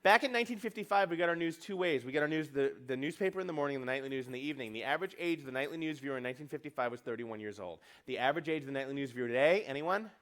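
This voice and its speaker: A man's voice: medium pitch, a bit bright. A man giving a comedic keynote to a conference audience, brash and profane, acting out quotes as he goes. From New York. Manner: fast, brash, joking, profane, acts out quotes. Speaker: keynote speaker.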